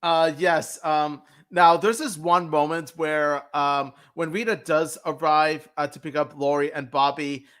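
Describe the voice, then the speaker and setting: A man co-hosting a casual movie review chat, wry and emphatic with loud outbursts. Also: fairly high pitch, flat delivery, measured pace, few pauses. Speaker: co-host.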